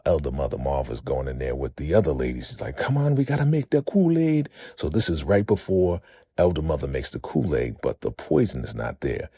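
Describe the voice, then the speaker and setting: A man's voice: extremely low pitch, warm tone, husky, dry recording. A man hosting a casual vlog recap of a TV episode, chatty and calling his viewers fam.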